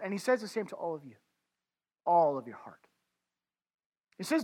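A man's voice: high voice, big pitch swings, moderate pace, long pauses, dark tone. A man preaching a conversational sermon, talking informally to his listeners as friends and often restarting his words.

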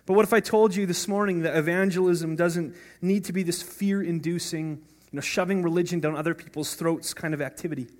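A man's voice: fairly high pitch, fairly even intonation, fairly quick, hardly any pauses. A man preaching a sermon as pastor in a conversational way, often asking "right?" and restarting his words. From North America.

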